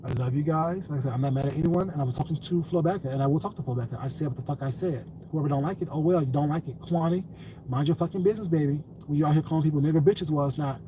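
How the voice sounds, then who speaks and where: A man on a live stream addresses his viewers in a long, blunt lecture that tips into cursing. His voice sits a little high. He is a little away from the microphone, with faint room noise behind him. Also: very fast. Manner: lecturing, then cursing angrily. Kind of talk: live-stream rant to chat. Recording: distant mic, faint ambient noise.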